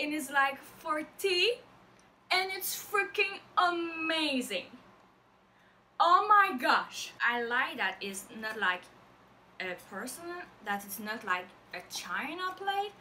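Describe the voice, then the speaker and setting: Excitable French-accented woman, high and bright. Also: far from the mic, rough recording. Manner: gushing, excitable, lots of fillers. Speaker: vlogger. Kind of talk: casual unboxing vlog.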